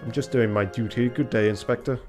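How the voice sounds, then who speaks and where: A man's voice: medium pitch, fairly even intonation, fairly quick, a little mellow, soft background music, close to an everyday voice. A man voicing a fussy, polite male rooster lawyer with a prim, formal delivery.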